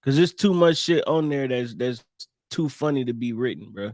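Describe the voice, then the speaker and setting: A man's voice: mid-range voice, expressive, normal speed, a little mellow, no room sound. Laid-back man, dry close sound. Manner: laid-back, peppers talk with "bro". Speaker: podcast co-host. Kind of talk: casual movie-recap chat.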